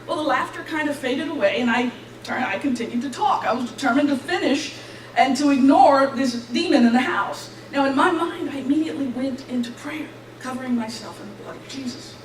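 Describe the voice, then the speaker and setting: A young woman giving an animated church testimony, acting out the voices in her story and laughing between lines. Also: high voice, brisk. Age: young adult. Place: church hall. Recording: echoey hall, distant mic, faint hiss.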